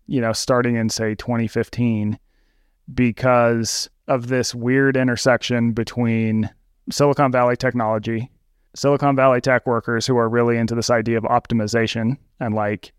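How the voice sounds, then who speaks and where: A man's voice: medium pitch, level tone, moderate pace, clean tone, dry recording, studio quality. A man speaking as an expert guest, explaining casually with many fillers. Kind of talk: interview answers.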